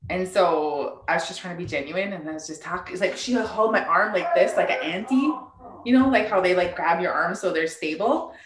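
A woman's voice: fairly low pitch, a little fast, roomy sound. A woman, a tribal entrepreneur, telling a story in a casual interview, laughing and acting out what people said. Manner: animated, laughing, acts out quotes.

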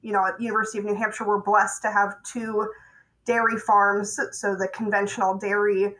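A woman researcher guesting on a podcast, speaking in a bright, forward voice. She explains her work clearly and keeps a light tone. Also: mid-range voice, level tone, normal speed, rough recording. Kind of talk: casual interview answers.

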